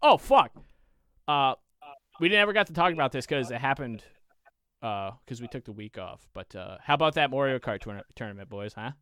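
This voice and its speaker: Guy rambling on a podcast, cursing a lot, smooth clean voice, dry sound. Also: mid-range voice, expressive, brisk, bright, forceful tone, no echo. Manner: rambling, profane storytelling with many fillers. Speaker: podcast co-host. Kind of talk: casual podcast chat.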